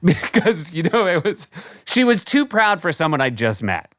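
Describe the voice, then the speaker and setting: A man's voice: on the high side, very animated, moderate pace, a bit bright, no room sound, studio quality. A middle-aged man co-hosting a podcast, chatting casually and telling wry, joking stories. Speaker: podcast co-host. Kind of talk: casual chat.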